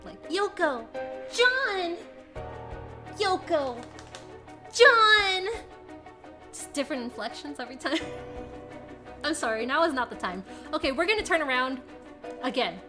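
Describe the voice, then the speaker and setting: A woman streaming a horror game, reading the dialogue aloud and reacting dramatically. She swings between hushed whispers and sudden yelps. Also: high-pitched, animated, moderate pace, long pauses, over music.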